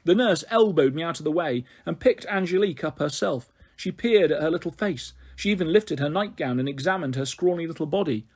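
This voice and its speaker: A man reading a children's novel aloud in an expressive storytelling manner. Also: fairly high pitch, fairly quick, few pauses, husky. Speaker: story reader.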